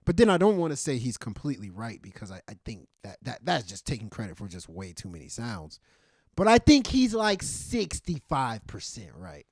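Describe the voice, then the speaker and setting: A man co-hosting a podcast, giving his opinions in animated casual chat. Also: medium pitch, normal speed, dry recording, clean studio sound. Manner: animated, opinionated, thinks aloud. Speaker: podcast co-host. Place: podcast studio.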